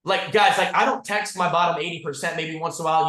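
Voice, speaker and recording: Man, agency leader on a team call, blunt and profane, constant "like" and "guys", somewhat high voice, echoey room. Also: animated, fast, few pauses, sharp tone. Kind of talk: motivational team call talk.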